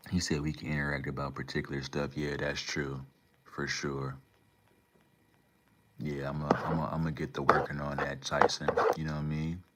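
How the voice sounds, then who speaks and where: Very deep-voiced man rambling to his chat. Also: noisy background. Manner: rambling, slangy, talks back to chat. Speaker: livestream host. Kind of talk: casual livestream chat.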